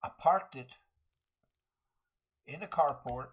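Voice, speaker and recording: A man's voice: fairly high pitch, slow, lo-fi sound, a little hiss or hum. A man casually commenting on his gameplay as he plays, thinking aloud in a rambling way and getting easily irritated. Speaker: let's play host. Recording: game sounds in the background.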